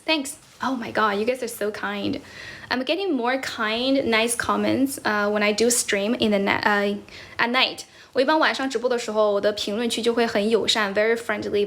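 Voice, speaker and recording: A young Chinese woman with a Chinese accent hosts a casual livestream teaching English, answering comments as she goes. Her voice is fairly high and a bit bright, and she laughs often, correcting herself while switching between English and Mandarin.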